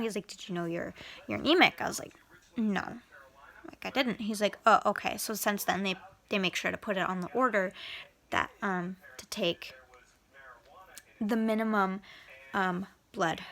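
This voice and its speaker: A woman's voice: medium pitch, gravelly, sharp tone. A young woman telling a rambling personal story in a casual vlog, full of fillers and restarts. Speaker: vlogger.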